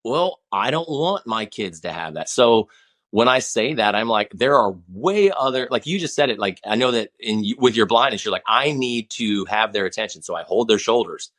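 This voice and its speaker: A man's voice: on the low side, animated, normal speed, a bit bright. A man in his forties, a guest on a podcast, talking in a rambling, passionate way with many restarts. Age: 40s. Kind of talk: casual conversation.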